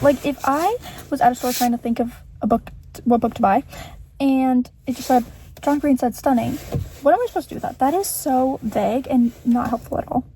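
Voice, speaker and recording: A high-voiced young woman talks through her reading in a loose, rambling vlog chat. Her tone is mellow rather than bright, and she drifts between earnest thoughts and quick laughs. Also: a little hiss or hum. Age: young adult. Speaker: book vlogger.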